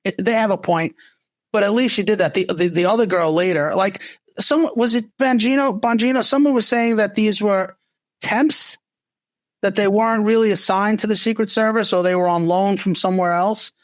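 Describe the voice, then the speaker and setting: A man's voice: high voice, normal speed, no echo. A man who used to be a police officer, co-hosting a casual talk show and talking in restarts and asides. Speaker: podcast co-host, former police officer. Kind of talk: casual discussion.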